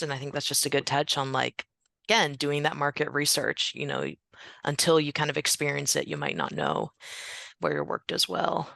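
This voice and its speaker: A woman's voice: low-pitched, gravelly, a bit bright, dry recording. A woman hosting an online panel discussion who reads out audience comments and chats casually with her guest over a video call. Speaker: webinar host.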